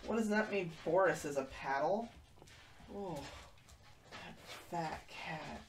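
A woman's voice: fairly low pitch, slow pace. Casual livestream host, woman, talks to pets and reads comments aloud; room echo, mic off at a distance, faint hiss. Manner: chatty, talks to kittens and reads viewer comments. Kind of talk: casual chat with viewers. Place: room with kittens.

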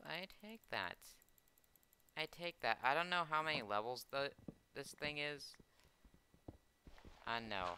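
A man's voice: mid-range voice, pushed and bright, a little hiss or hum. A man giving casual, rambling gameplay commentary as host, hesitant and full of ums and little gasps of surprise. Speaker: gaming channel host.

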